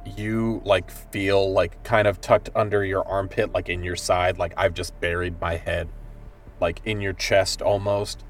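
Brief: player in a tabletop game, very low voice, loose filler-heavy describing, a bit far off mic with music. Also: male voice, little pitch movement, measured pace, a little hiss or hum. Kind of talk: tabletop role-play narration.

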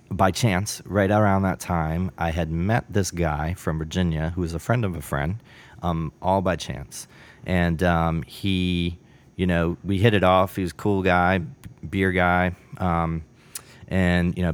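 A man brewer telling a story in a casual interview, rambling with many fillers and acting out bits of dialogue. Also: sits low.

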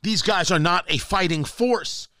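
Guy doing a talk radio rant, high bright voice, keeps stumbling and restarting, dry close sound. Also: unhurried, dry recording. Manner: rambling, stammering restarts, sarcastic asides. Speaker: radio talk show host.

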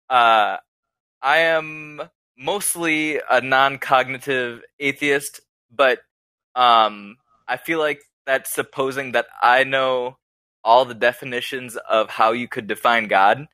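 A man's voice: mid-range voice, takes it slowly, bright, forceful tone, no echo. A man calling in as a guest, explaining his views in a rambling, thoughtful way with many hesitations. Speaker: guest caller.

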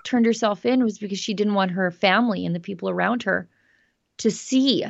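A woman's voice: medium pitch, a little fast, gravelly, no room sound. Woman host, emphatic news-commentary delivery, dry slightly dull sound.

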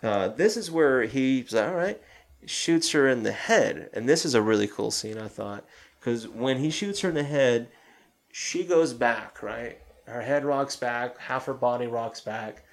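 Gravelly and unhurried, this mid-range male voice belongs to a podcast co-host in a casual film talk. He narrates a horror movie scene after scene in a loose way and acts out the quoted lines.

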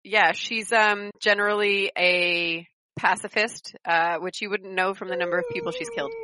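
A woman's voice: mid-range voice, sing-song, normal speed, background noise. A woman introducing her character hesitantly, with many fillers. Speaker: player. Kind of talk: casual chat.

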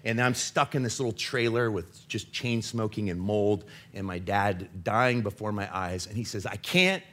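A man giving an impassioned faith talk as a Christian author, earnest and confessional, swinging between urgent and hushed. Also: fairly low pitch, moderate pace.

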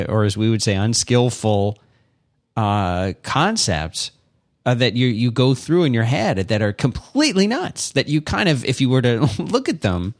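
A man co-hosting a podcast, talking in a casual, thoughtful way with many restarts. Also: medium pitch. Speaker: podcast co-host. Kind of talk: casual reflective chat.

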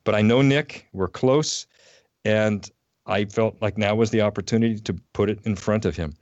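A man's voice: lowish voice, normal speed, a little mellow, no room sound, highs cut off. A man, a teacher and podcast guest, telling a personal anecdote with hesitant fillers. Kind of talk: storytelling on a phone call.

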